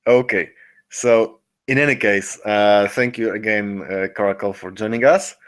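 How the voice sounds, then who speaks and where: A man co-hosting a casual voice call, speaking in a measured, reasoning way with hesitant fillers. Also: fairly low pitch, fairly even intonation.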